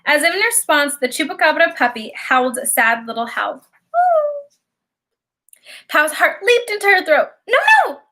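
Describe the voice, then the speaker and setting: A woman with a high-pitched voice narrates a children's novel as an audiobook, reading at a moderate pace. Her storytelling is expressive and lively.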